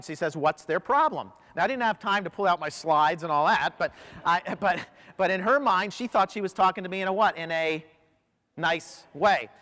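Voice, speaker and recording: A man's voice: sits high, fairly bright tone. A man giving a motivational keynote to a large audience, telling stories with animation and quizzing the crowd. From United States. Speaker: professional speaker. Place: large hall. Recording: long hall reverb.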